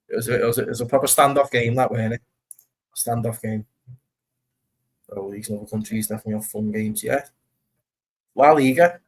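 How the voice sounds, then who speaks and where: A man's voice: lowish voice, level tone, fairly quick, pauses often, slightly rough. A young man casually chatting and reading comments during a football watch-along stream, rambling and swearing now and then. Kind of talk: casual live-stream chat.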